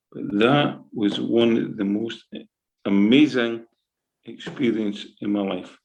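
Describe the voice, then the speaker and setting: A middle-aged man with a Scottish accent speaks in an emotional, animated interview. His voice is gravelly, and he keeps circling back with "right?" and "eh?" as he tells his stories. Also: mid-range voice, low-quality recording. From Scotland. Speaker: football manager.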